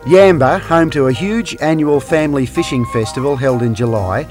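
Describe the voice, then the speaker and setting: A man's voice: a little high, moderate pace, darkish tone, soft background music. A man presenting a travel documentary, narrating in an upbeat, promotional tour-guide manner. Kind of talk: scripted documentary narration and on-location interviewing.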